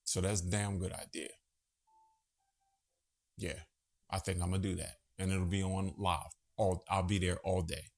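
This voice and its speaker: A man's voice: deep voice, flat delivery, normal speed, vocal fry, pauses often. A man hosting a casual monologue vlog from home, chatty, profane and easily sidetracked. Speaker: vlogger host.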